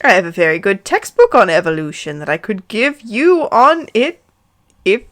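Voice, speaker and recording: A woman's voice: medium pitch, big pitch swings, moderate pace, fairly bright tone. A woman voicing a snobbish, sneering middle-aged aunt in a fanfic reading. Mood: sickly sweet. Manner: sneering, screechy, sickly sweet.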